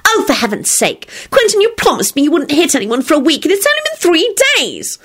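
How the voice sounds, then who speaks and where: High shrill panicky lady, super lively pitch, a woman reading her out. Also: fairly quick, heavily acted. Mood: alarmed. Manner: high-pitched, shrieking and indignant. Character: shrill frantic woman, easily alarmed.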